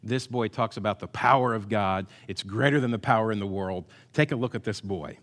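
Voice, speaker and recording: A male pastor delivering a sermon, swinging between loud emphatic bursts and quiet asides, with self-deprecating humor. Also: on the low side, a little fast, a little hiss or hum. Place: church hall with long reverb. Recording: hall reverb.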